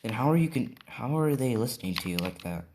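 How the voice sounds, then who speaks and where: A man voicing a startled young male hero in a raised, excited voice while retelling a story. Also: medium pitch, a little fast, a little hiss or hum, lightly acted. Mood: puzzled.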